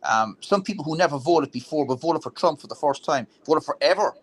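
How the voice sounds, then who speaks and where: A man's voice: on the high side, lively intonation, a little fast, fairly bright tone, husky. A man talking politics heatedly and bluntly, swearing and restarting his sentences often. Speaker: veteran political talk show guest.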